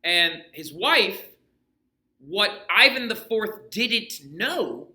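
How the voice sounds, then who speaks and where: A man lecturing on history to his class, animated and chatty, often checking in with his students. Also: high-pitched, very slow, echoey room. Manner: animated, chatty, many asides and rhetorical checks. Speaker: history teacher.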